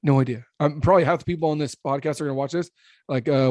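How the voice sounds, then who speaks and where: A man in his thirties who owns a roofing business, a podcast guest talking fast and blunt, slurring his words a little. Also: no room sound, clean studio sound. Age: 30s. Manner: blunt, animated, salesman-like pitching. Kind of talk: casual podcast interview.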